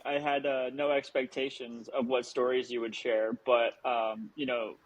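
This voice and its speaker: A man's voice: medium pitch, level tone, normal speed, rough recording. A man co-hosting a podcast, chatting casually with a guest in a playful, joking way. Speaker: podcast co-host. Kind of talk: casual interview chat.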